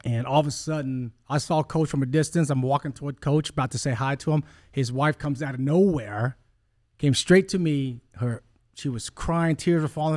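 An earnest man in his forties tells a long personal story as a guest in a conversation. His voice sits at a middling pitch and sounds close and dry. He rambles and stops often to correct himself. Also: moderate pace, darkish tone, dry recording. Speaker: podcast guest.

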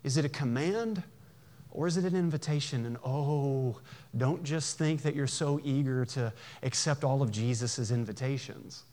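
A man preaching a sermon in a church, conversational and animated, with jokes and acted-out voices. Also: medium pitch, moderate pace. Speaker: pastor.

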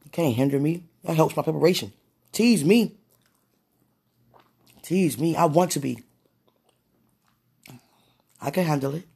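A vlogger speaking an emotional, pleading prayer to the camera, swinging between quiet murmurs and excited bursts. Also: medium pitch, moderate pace, gravelly, pauses often, slightly rough. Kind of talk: casual spoken prayer to camera.

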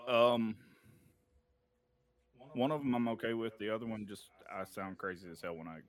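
A young man casually telling a story of a frightening night, animated and swearing, sometimes trailing off into low mumbles. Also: moderate pace.

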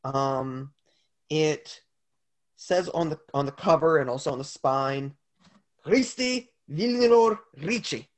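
A man's voice: medium pitch, steady tone, slow pace. A man narrating as game master of a tabletop game, loose and full of fillers.

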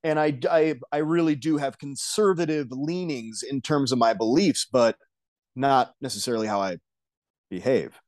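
A young man, a podcast guest, talking in a hesitant, halting way with soft laughs. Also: mid-range voice, no echo. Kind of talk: casual chat.

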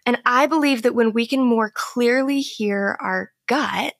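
A young adult woman, a therapist guest on a podcast, explaining things in casual conversation and often dropping her voice to a soft near-whisper. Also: on the high side, unhurried, few pauses, no echo, clean studio sound.

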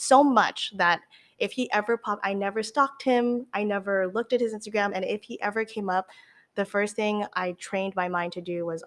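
A young woman speaks candidly as a podcast guest, her talk full of fillers and the odd swear. She is animated and open. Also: mid-range voice, moderate pace. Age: young adult. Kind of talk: candid casual chat.

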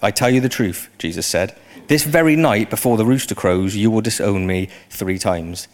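A man preaching a sermon in a conversational way, often rising into animated emphasis. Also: fairly low pitch, moderate pace.

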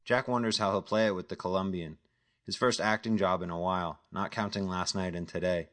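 Low-voiced male audiobook narrator. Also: fairly quick. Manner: steady, matter-of-fact storytelling. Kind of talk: scripted narration.

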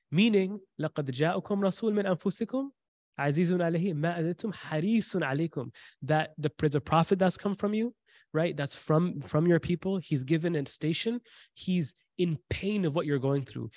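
A man's voice: fairly high pitch, fast talker, darkish tone, no echo. A man giving a sermon, retelling a story with quoted dialogue and repeated lines for emphasis. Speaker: preacher.

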